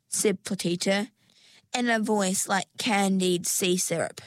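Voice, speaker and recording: A woman reading a children's story aloud in a measured storytelling manner. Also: mid-range voice, no echo. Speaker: narrator.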